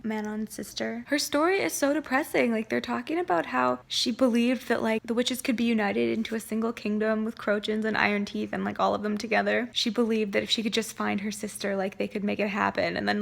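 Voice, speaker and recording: A woman chatting casually in a reading vlog, gushing and excitable, saying "like" a lot, with a rough early-morning voice. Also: medium pitch. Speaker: book vlogger.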